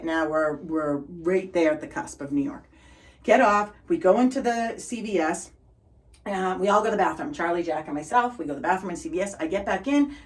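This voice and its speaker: Speaking as an interview guest, a middle-aged woman with a Boston accent shares upbeat stories, bright and relentlessly positive. Her pitch is ordinary, and the low-quality recording makes her sound set back from a distant microphone.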